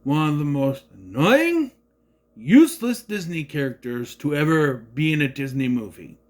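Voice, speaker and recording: A man in his thirties giving a rambling, sarcastic review of an animated film in a casual monologue. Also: on the high side, normal speed. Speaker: movie reviewer.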